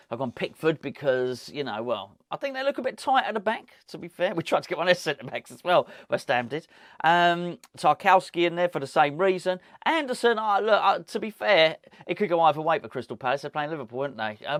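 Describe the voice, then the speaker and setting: Brief: male fan-channel host, fairly high pitch, dry close sound, loose chatty delivery with wry asides. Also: fairly bright tone, no echo. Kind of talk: casual chat to camera.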